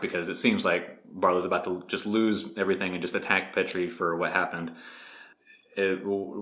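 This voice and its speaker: A man co-hosting a casual podcast, relaxed, retelling a novel's plot with many fillers. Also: low-pitched, reverberant. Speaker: podcast co-host. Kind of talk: casual book discussion.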